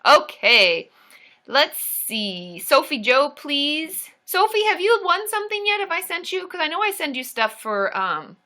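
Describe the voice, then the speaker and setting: A woman hosting a casual live stream, bubbly and excitable, chatting with viewers, often cheering and giggling. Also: high-pitched, a little slow. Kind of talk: casual livestream chat reading viewer comments.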